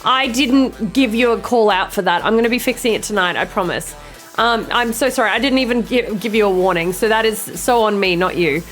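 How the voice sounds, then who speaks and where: A woman streaming a game live, chatting casually with her viewers, giggly and quick to swear and apologize. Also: mid-range voice, faint music behind. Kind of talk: casual live-stream chat while gaming.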